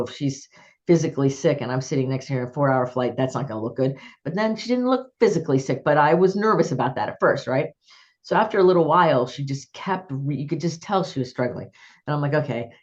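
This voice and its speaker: Hosting a conversational podcast interview, this woman speaks in a very deep voice with a darkish tone, swapping personal stories amid frequent laughter. The recording has its highs cut off.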